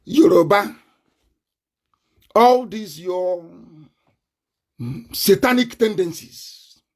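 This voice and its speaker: A man with a Nigerian accent giving a combative live online broadcast, laughing often and breaking into shouts. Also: high voice, slightly rough.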